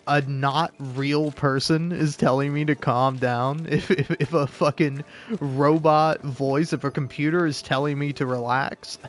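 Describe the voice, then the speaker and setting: A man giving casual gameplay commentary, rambling and swearing a lot, laughing often as he builds into mock outrage. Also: on the high side. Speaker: gaming video creator.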